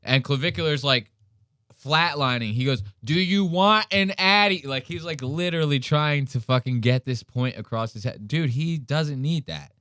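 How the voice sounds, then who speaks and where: A man's voice: mid-range voice, normal speed, fairly bright tone, smooth. A young man hosting a podcast, joking crudely and full of slang as he reacts to a video. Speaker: podcast host. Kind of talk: casual commentary on a video.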